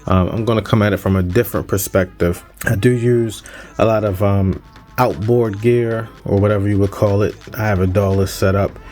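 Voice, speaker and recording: A man's voice: fairly low pitch, fairly even intonation, moderate pace, darkish tone. A man in his thirties, a music producer hosting a casual gear-unboxing vlog, upbeat and chatty as he plugs his channel.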